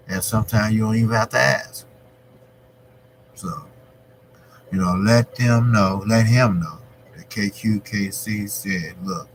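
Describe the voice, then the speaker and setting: Slow-talking low-voiced man on boxing. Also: a little hiss or hum, low-quality recording. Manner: rambling, animated when arguing. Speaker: boxing channel host. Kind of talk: casual boxing commentary.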